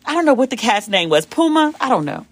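An American woman hosting a podcast, telling a long casual story in an animated way, swearing freely and acting out the voices of people she quotes. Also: on the high side, quick pace, husky, dry recording. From United States. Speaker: podcast host.

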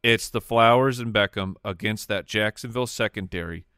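A man's voice: on the low side, moderate pace, clean tone, no room sound, clean studio sound. A man co-hosting a fantasy football podcast, laughing and arguing his opinions. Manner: animated, laughing, opinionated rants. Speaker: podcast co-host. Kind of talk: casual sports chat.

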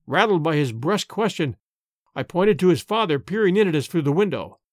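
A man's voice: on the high side, brisk, dry recording, clean studio sound. A man giving a dramatic audiobook reading of a gothic story, voicing the characters' lines with feeling. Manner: expressive, voices the characters' lines.

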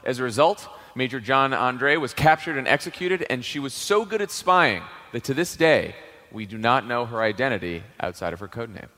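Lively comedy panelist with a bright voice. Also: male voice, medium pitch, moderate pace, in a large hall. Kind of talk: comic storytelling.

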